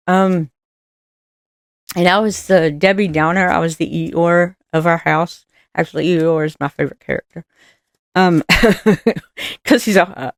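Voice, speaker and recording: A woman's voice: deep voice, normal speed, no echo, studio quality. A woman giving casual motivational talk as a vlogger, chatty and rambling with fillers, earnest and encouraging. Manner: encouraging and earnest, laughing at herself.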